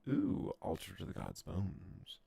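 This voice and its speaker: A man's voice: sits low, wildly swooping pitch, takes it slowly, creaky, dark tone, breathy edge. A man streaming a space game, talking casually and bluntly while he plays, swearing now and then. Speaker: gaming streamer. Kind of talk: casual gameplay commentary.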